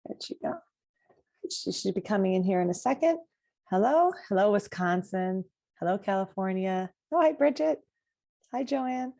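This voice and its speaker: A woman's voice: medium pitch, expressive, normal speed, gravelly, warm tone, no room sound, studio quality. A woman co-hosting a live podcast on anxiety, chatting casually and greeting viewers with frequent laughs. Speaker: podcast co-host and anxiety coach. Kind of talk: casual live-stream chat.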